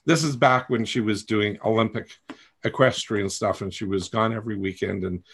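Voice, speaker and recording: A man's voice: fairly low pitch, steady tone, moderate pace, fairly bright tone, slightly rough. A man hosting a coaching session, talking to a group in a candid, rambling way with self-deprecating humor. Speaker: coach and host.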